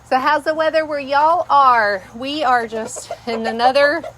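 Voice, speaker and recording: A woman with a drawl and a fairly high voice talks in a homey, easygoing way as she sweet-talks her hens and chats to viewers. Loud outdoor noise and clucking chickens fill the recording behind her, picked up on a handheld camera. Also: fairly even intonation, a little slow, echoey room, far from the mic. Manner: homey Southern talk, chatting to her chickens. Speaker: vlogger. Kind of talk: casual vlog chat. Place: outdoors by a chicken coop in the rain. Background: clucking chickens and rooster.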